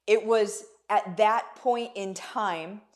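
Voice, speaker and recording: A woman's voice: mid-range voice, slow. A woman hosting a live video, talking to her viewers in a heartfelt, tearful and shaky voice, repeating phrases for emphasis like a preacher. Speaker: online business coach and livestream host.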